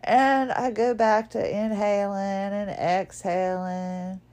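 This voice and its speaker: Still in her neck collar and on the mend, the woman hosting the podcast recounts a personal tale in a mid-range, level voice that is a little mellow. She takes her time, chatting easily, poking fun at herself and laughing.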